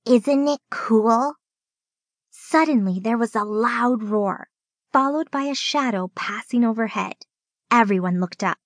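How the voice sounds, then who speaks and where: A woman narrating a children's audiobook in a clear, steady reading voice. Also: fairly high pitch, normal speed, no echo, studio quality.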